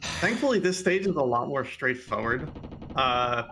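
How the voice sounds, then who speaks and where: A man's voice: medium pitch, animated, unhurried, bright, forceful tone, soft background music. A man doing casual game commentary, chatty, explaining the play and laughing easily.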